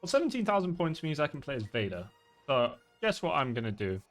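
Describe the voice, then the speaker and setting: A man chatting casually while gaming, animated and swearing freely. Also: fairly high pitch, a little fast, faint music behind. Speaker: streamer playing a game.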